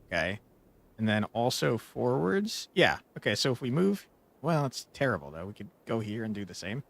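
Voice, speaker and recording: Gravelly young man narrating his gameplay. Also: mid-range voice, sing-song, moderate pace. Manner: playful, swears freely, mock outrage. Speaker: gaming streamer. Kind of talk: casual gameplay commentary. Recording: faint background game music.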